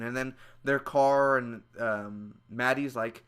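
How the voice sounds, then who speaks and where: A young man giving a casual, loud and excitable spoiler review, full of slang, who acts out the scenes with high squeals and screams. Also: takes it slowly, clear, resonant tone. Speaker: movie reviewer.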